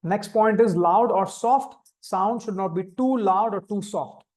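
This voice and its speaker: Calm Indian-accented man teaching meditation. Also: sits high, a little slow. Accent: Indian English. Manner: calm, step-by-step instructing, demonstrating vocal sounds. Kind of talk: live online meditation instruction.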